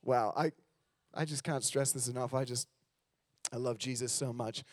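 A man's voice: medium pitch, fairly even intonation, moderate pace, no echo, clean studio sound. A man from Australia with an American accent, preaching a sermon as a guest preacher and leading prayer, fervent and fond of repeating "just". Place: decorated church hall.

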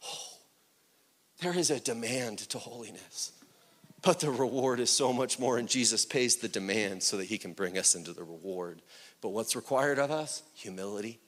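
A man preaching a sermon to his congregation. He asks them questions and swings from loud, rising peaks down to hushed whispers. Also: medium pitch, moderate pace. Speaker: pastor.

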